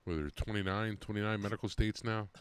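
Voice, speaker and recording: A man's voice: lowish voice, steady tone, fast talker, slight background noise. A man from New Jersey on a podcast who makes his case in earnest and backs it with figures. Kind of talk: casual podcast chat.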